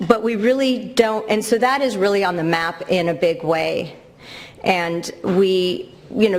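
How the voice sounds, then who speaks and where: A woman with a slightly low voice delivers an academic lecture. She talks in a thoughtful, explanatory way, often pausing to restart or rephrase mid-sentence. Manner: thoughtful, with frequent restarts and self-corrections.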